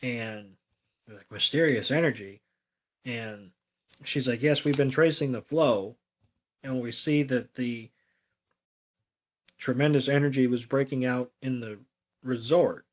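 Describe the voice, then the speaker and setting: A man's voice: medium pitch, a little slow, pauses often. Laid-back man recapping an episode. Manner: relaxed retelling with many ums and quoted lines. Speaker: podcast co-host.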